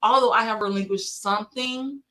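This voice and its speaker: A woman talking candidly and animatedly, with many restarts and sudden high jumps in pitch, sometimes catching her breath. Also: fairly even intonation, moderate pace, sharp tone. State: short of breath from throat trouble. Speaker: podcast co-host. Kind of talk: candid casual chat.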